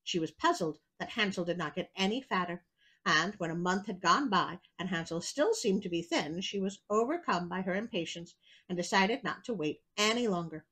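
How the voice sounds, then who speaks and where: Woman with a lively storytelling voice. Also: fairly low pitch, normal speed, husky, rough recording. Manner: wry, chatty asides between narration. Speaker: storyteller host. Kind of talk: storybook reading with comic asides.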